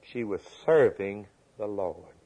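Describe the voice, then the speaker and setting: Husky preacher man. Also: lowish voice, expressive, takes it slowly, phone-quality sound. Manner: emphatic, repetitive preaching with rhetorical questions. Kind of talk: sermon.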